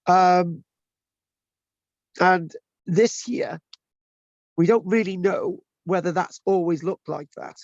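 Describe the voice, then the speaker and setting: A man's voice: sits high, slow pace, long pauses, dry recording. A man giving an informal lecture to a class, chatty and full of restarts and tag questions. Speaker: lecturer teaching an online class. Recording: dull lo-fi, dry sound.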